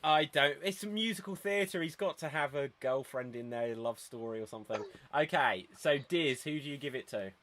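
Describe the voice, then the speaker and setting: Bright-voiced improv host. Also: male voice, mid-range voice. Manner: brisk, chatty, laughs often. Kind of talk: hosting an online improv show. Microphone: video call.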